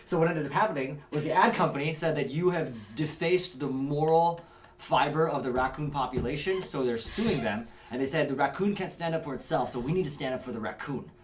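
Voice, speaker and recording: Fast-talking man riffing on the news. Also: a little high. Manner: fast, profane, laughs often, jokey put-on quotes. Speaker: comedy podcast co-host. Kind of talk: casual comedic news chat.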